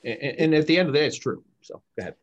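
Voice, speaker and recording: A man explaining communication techniques in an emphatic, animated coaching manner. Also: fairly high pitch, very fast, no echo, dull audio. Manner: emphatic, animated, acts out example lines. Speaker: sales communication guest expert.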